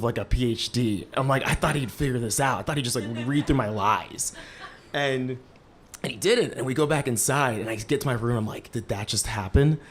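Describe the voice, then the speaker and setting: A man in his twenties telling a lively first-person story on a small stage, talking through a microphone and filling his sentences with "like". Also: mid-range voice, a little hiss or hum. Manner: lively, heavy use of "like" fillers. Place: stage of a small live-event venue.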